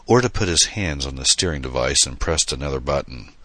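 A man reading a science fiction novel aloud in an even, measured storytelling voice. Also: very deep voice, dry recording. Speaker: audiobook narrator. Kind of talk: scripted narration.

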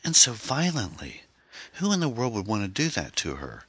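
Casting: man reading as a tearful middle-aged ex-wife, pleading, voice pitched up from a very deep base. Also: expressive, fairly quick, a bit bright, dry recording. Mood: tearful grief.

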